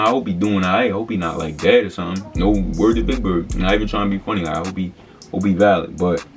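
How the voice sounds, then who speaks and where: Man in his 20s, fairly low voice, slangy rambling storyteller. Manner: animated, slangy, rambling with many fillers. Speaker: vlogger. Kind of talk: casual storytelling.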